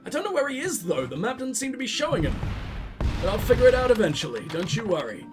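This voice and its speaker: A man's voice: very high-pitched, wildly swooping pitch, fast talker, over music. A man hosting a let's play, rambling and sarcastic as he comments on the game and swears freely. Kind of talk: casual gaming commentary.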